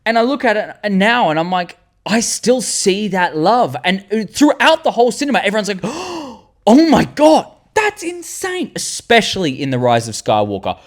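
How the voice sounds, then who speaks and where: A young Australian man in his twenties, hosting a fan tier-list vlog and rambling excitedly with the odd swear word. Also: high voice, fairly quick, hardly any pauses. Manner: animated, rambling, swearing, loses words mid-sentence. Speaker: channel host.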